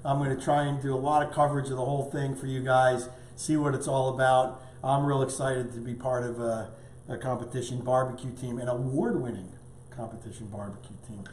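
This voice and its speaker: A man's voice: mid-range voice, little pitch movement, a little fast, few pauses, a little mellow, roomy sound, slight background noise. A man hosting a live cooking show as the chef, upbeat and chatty, tasting and talking as he goes. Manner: upbeat, chatty, talks with mouth full at times. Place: home studio kitchen.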